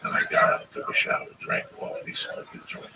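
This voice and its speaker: A man hosting a livestream, telling stories and ranting with blunt, heavily profane advice. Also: brisk. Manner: blunt, heavy swearing, preachy advice. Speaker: livestream host. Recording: distant mic in loud noise.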